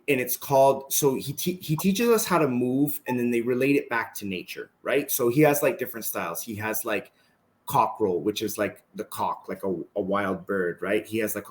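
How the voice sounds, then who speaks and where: A martial arts instructor, guesting on a podcast, tells stories casually in a fairly low voice. He's animated, acts out what other people said, and keeps tacking "right?" onto his sentences.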